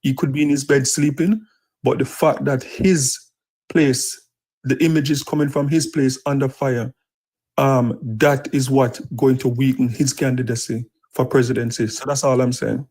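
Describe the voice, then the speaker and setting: A man's voice: mid-range voice, fairly even intonation, normal speed, a little mellow, low-quality recording. A man with a Jamaican accent, a panelist earnestly explaining and restating his point in a live news discussion.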